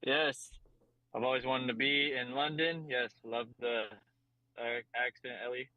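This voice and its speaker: A man's voice: mid-range voice, fairly even intonation, unhurried, dry recording. An upbeat man joins a recovery meeting by video call and encourages the others, filling gaps with uhs and ums. His audio sounds dull and lo-fi. It is also dry, with no sense of a room. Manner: upbeat, many fillers. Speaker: meeting participant. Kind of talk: casual sharing.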